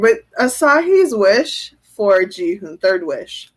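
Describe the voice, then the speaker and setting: A woman's voice: mid-range voice, a little slow. Chatty, giggly woman reading tarot. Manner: chatty, giggly, thinks aloud; answers viewer comments. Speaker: tarot reader. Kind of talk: casual tarot reading livestream.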